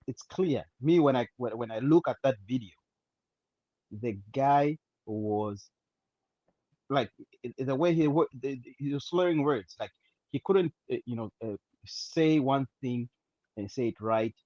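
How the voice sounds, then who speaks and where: A Zambian man on a podcast panel, talking casually over a remote call, halting with many fillers and restarts. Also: mid-range voice, warm tone, no room sound. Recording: dull lo-fi call audio.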